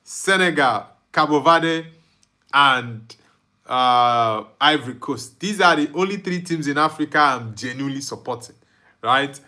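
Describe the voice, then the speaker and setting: A man's voice: mid-range voice, measured pace, sharp tone. A young Nigerian man hosting a live football watchalong, reading viewer comments aloud and bantering with frequent laughs. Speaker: livestream host.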